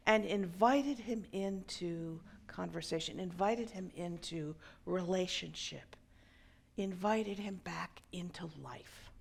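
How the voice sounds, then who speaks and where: A woman minister telling a story in a sermon, measured, sometimes dropping to a hushed near-whisper. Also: medium pitch.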